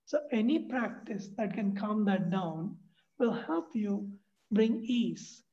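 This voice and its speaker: A man leading a workshop, explaining ideas in a lively way and acting out anxious inner voices. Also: sits high. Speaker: workshop facilitator. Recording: dull lo-fi sound.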